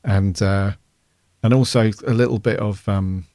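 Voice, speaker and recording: A man with a low, mellow, steady voice talks a little slowly in a dry studio-quality recording. As co-host of a podcast, he chats casually and tells his stories with animation.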